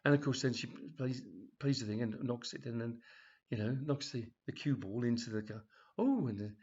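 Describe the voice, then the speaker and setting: Husky man telling a cheeky story. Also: mid-range voice, fairly even intonation, brisk, darkish tone. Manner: rambling, full of ums and chuckles. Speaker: comedy storyteller. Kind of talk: reading a comic story aloud. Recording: dull, lo-fi home recording.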